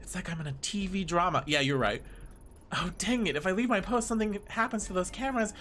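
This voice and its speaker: A man's voice: high voice, fast talker, slight background noise, pitched above the performer's own voice. A man doing a giddy young woman officer. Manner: excited, breathless, gushing.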